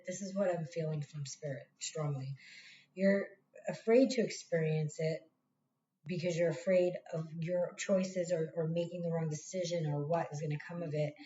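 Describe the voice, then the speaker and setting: A woman's voice: on the low side, mellow. A woman reading tarot in a casual spiritual talk, speaking candidly and swearing freely as she addresses her viewers directly. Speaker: tarot reader. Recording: echoey room, dull lo-fi sound, faint hiss.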